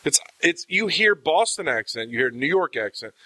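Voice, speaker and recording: A man's voice: on the high side, sing-song, normal speed, sharp tone, no room sound, poor audio. A man from Ohio co-hosting a podcast, teasing and wisecracking in casual chat. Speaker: podcast co-host.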